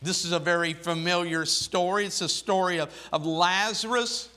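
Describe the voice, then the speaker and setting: A man preaching a sermon, reading scripture in old-fashioned wording and swinging between soft, low phrases and raised, emphatic ones. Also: steady tone, moderate pace. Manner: reads scripture aloud in King James wording.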